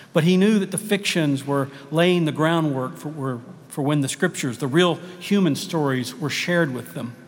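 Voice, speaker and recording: A middle-aged man preaching a sermon as pastor, in a reflective, personal storytelling manner. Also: medium pitch. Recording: long reverb of a church hall.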